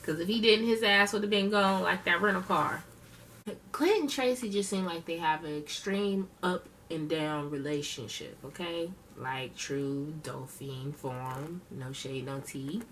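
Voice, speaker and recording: Blunt, slangy woman with a bright voice. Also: on the low side, unhurried, recorded from a distance, slight background noise. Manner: chatty, addresses viewers directly. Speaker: reality show reviewer. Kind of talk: casual commentary.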